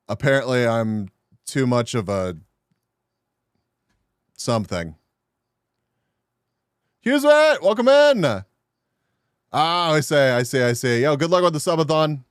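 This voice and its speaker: A man's voice: medium pitch, clean tone, no echo, studio quality. A man live-streaming and chatting casually with his viewers, making crude jokes and laughing often.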